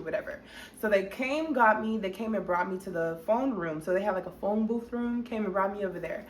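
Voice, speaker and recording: A young woman vlogger telling a storytime in an animated, expressive way, with many fillers. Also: mid-range voice, fairly quick. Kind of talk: storytime narration. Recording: echoey room with faint noise.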